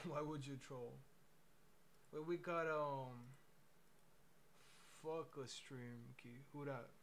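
A man's voice: medium pitch, fairly even intonation, slow, long pauses, a bit bright, a little hiss or hum. A man streaming live, chatting casually in a rambling, laid-back way and swearing freely. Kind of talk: casual livestream chat.

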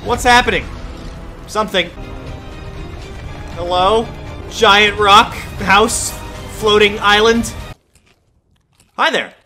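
A gaming YouTuber giving excited reaction commentary, chatty and reminiscing, bursting into shouts and exclamations. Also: mid-range voice, slow, long pauses, faint music behind.

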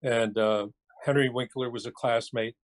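Speaking at a moderate pace in a steady, mid-range voice, an older actor chats casually with a podcast host over a cell phone. He recalls his career with a relaxed, thoughtful, wry air.

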